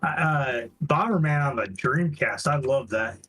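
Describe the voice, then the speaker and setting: A man chatting on a gaming livestream, halting and restarting his sentences often. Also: mid-range voice, expressive, a bit bright, breathy edge, soft background music, poor audio. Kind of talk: casual gaming chat.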